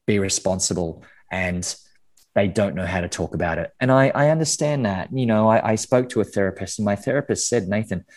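A man's voice: lowish voice, brisk. A man speaking candidly as a podcast guest, often restarting and repeating words, with casual swearing. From Australia. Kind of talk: candid interview conversation.

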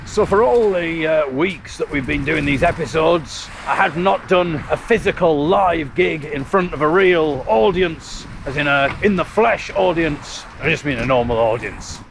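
A man's voice: a little high, a little slow, creaky, hardly any pauses, slight background noise. A man hosting his podcast while out on a river walk, telling stories in a rambling, self-deprecating way and laughing often. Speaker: podcast host. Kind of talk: casual walking monologue.

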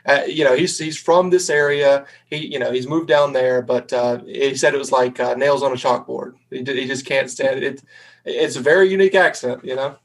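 A man's voice: mid-range voice, steady tone, moderate pace, poor audio. A man from North Carolina with a Southern accent, hosting a casual podcast and asking easygoing questions. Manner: easygoing, asks questions, backchannels often. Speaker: podcast host. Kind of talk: casual chat.

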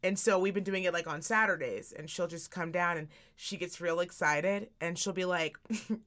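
A woman's voice: fairly low pitch, moderate pace, fairly bright tone. Candid, profane woman telling stories. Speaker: podcast co-host. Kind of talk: casual chat.

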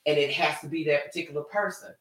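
Animated woman co-hosting a live talk show. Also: sits low, quick pace. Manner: frank, animated and talkative. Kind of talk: casual chat about relationships. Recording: roomy sound, mic at a distance.

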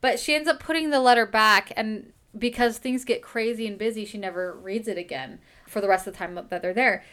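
A woman's voice: mid-range voice, steady tone, brisk, fairly bright tone. A woman host casually recapping a novel chapter by chapter, gushing and laughing often as she talks. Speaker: book podcast host.

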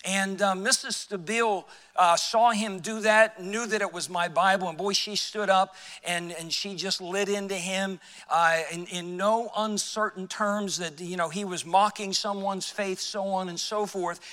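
A man preaching a sermon as pastor, telling a personal story and dropping quiet for emphasis. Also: high-pitched, steady tone, measured pace, big-room sound. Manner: storytelling, acts out quoted voices, drops quiet for emphasis. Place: church sanctuary.

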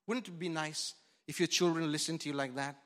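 A man preaching a lively sermon as pastor, swinging from loud shouts to soft whispers into a handheld mic in a church. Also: fairly high pitch, fairly quick. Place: church hall.

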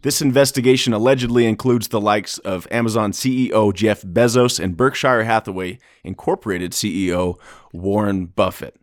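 A man hosting a podcast, reading a brisk, dramatic topic intro between casual chat. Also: lowish voice, steady tone, no room sound, clean studio sound. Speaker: podcast host.

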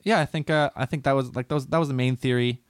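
A man's voice: medium pitch, steady tone, fast, no room sound, studio quality. A young man co-hosting a podcast, rambling and swearing casually in loose banter. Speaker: podcast co-host.

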